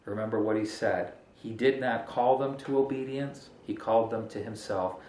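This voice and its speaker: A man's voice: lowish voice, steady tone, moderate pace, darkish tone, echoey room, slight background noise. A man preaching a casual, conversational sermon as pastor, joking and breaking into emphatic bursts.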